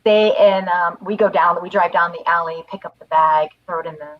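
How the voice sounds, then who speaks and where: A woman's voice: lowish voice, brisk, muffled recording. A woman guest in casual chat who tells stories with energy and acts out what people said. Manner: lively storyteller, acts out quotes. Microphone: video call.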